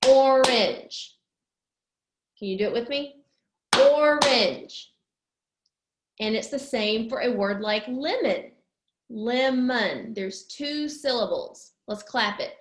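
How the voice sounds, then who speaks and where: A woman's voice: fairly high pitch, echoey room, noisy background. A woman teaching young children in a patient, sing-song way, drawing out each word as she claps it. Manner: patient, sing-song, drawn-out clapped words. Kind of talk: slow, clear lesson for young children.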